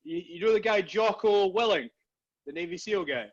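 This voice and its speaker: A man's voice: sits high, moderate pace, muffled recording. A man co-hosting a casual podcast, rambling and swearing as he tells stories. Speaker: podcast co-host. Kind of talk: casual banter.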